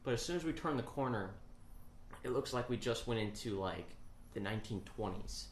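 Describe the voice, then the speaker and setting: A man casually telling a story on a podcast, animated, swearing and laughing often. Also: mid-range voice, fairly quick, a little hiss or hum. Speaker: podcast co-host. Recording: echoey room with faint ambience.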